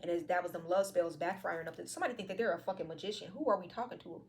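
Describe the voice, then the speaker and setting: Woman tarot reader, casual, cussing and joking, talks fast. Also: fairly low pitch. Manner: slangy, profane, playful. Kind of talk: casual tarot reading to viewers.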